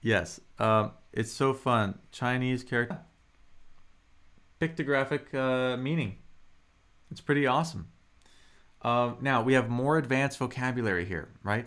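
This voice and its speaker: A young man leading a live-streamed language lesson at an unhurried, deliberate pace. He sounds upbeat and encouraging, with a mid-pitched voice, modelling each word and inviting the viewers to repeat after him. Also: animated, fairly bright tone. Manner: upbeat, encouraging, drills words and tones. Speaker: Mandarin pronunciation teacher.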